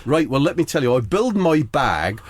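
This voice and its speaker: A man's voice: on the high side, very animated, normal speed, no echo. A man voicing a chatty young footballer who talks about makeup in a breezy, matter-of-fact way.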